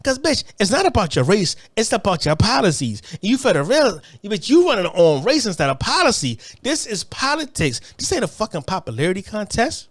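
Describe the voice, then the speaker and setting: A man's voice: high voice, big pitch swings, fairly quick, few pauses. A man delivering a heated political rant as an online commentator, profane and full of repeated restarts.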